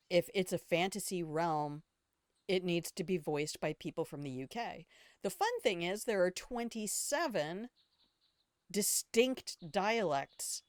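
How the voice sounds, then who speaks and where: An older woman chatting through a game stream in a smooth, fairly low voice, wry and talkative. She reads dialogue aloud and riffs on it between lines. The recording is close and dry. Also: dry recording. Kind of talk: casual gameplay commentary.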